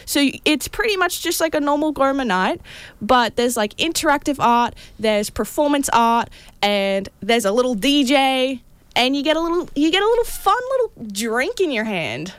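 A woman's voice: high-pitched, big pitch swings, moderate pace, smooth, dry recording. A woman co-hosting community radio, chatting through local events in a bubbly, enthusiastic way. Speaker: radio co-host. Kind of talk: casual radio event roundup. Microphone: studio microphone.

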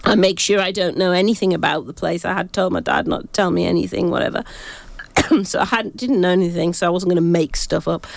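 Gravelly woman telling ghost stories. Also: lowish voice, fast, no room sound. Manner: rambling, self-interrupting storytelling. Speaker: psychic. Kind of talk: casual ghost-story chat.

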